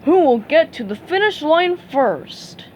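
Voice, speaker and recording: A woman's voice: high voice, sing-song, slow pace, slight background noise, voice pushed up, heavily acted. A woman voicing a showy male fish announcer on a game show in a storybook reading.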